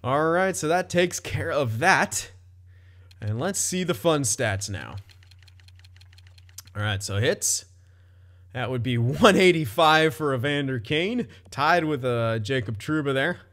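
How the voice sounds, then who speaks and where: A man's voice: a little high, animated, slow, a bit bright. A young man casually commenting on his own hockey game, chatty, often laughing and swearing loosely. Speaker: gaming commentator.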